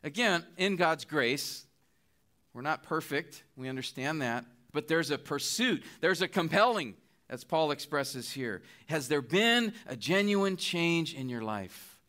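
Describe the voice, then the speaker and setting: A man's voice: a little high, lively intonation, a little slow, sharp tone. A middle-aged man preaching a sermon, earnest and pleading as he makes his appeals. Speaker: guest preacher.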